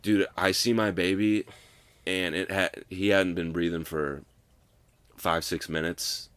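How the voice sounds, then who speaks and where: Very low-voiced man telling a rambling story. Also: steady tone, unhurried, fairly bright tone, smooth, dry recording. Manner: rambling, fills with "like", profane. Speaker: guest. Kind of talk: casual storytelling.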